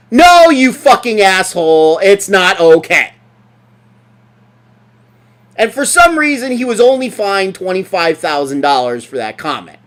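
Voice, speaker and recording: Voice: medium pitch, big pitch swings, measured pace, long pauses, fairly bright tone. A podcast co-host in casual sports chat, ranting and mocking with lots of swearing.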